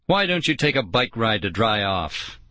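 A man's voice: fairly low pitch, sing-song, moderate pace, pushed and bright, dry recording. A man reading an audiobook voices a sneering teenage girl bully who mocks with a whiny drawl. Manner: sneering, mocking whine.

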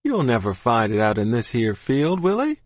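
A man's voice: mid-range voice, huge pitch swings, normal speed, dry recording. A man voicing a lanky, friendly country boy who speaks in a plain rural dialect. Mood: eager.

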